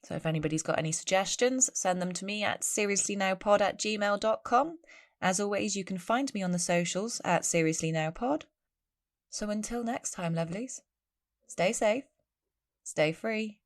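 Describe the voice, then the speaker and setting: A woman's voice: medium pitch, moderate pace, no room sound, studio quality. A woman hosting a solo true-crime podcast, telling the story with chatty, wry asides. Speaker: podcast host.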